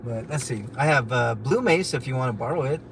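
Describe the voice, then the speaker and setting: Man, casual livestream chat, rambling with fillers, middle pitch, noisy car. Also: animated, a little fast. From Denver, Colorado. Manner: laid-back, rambling, many fillers. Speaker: livestream host. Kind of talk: casual chat while driving.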